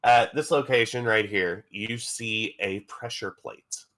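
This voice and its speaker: A man running a tabletop game as game master, narrating scenes and throwing in quick playful asides. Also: lowish voice, fairly bright tone.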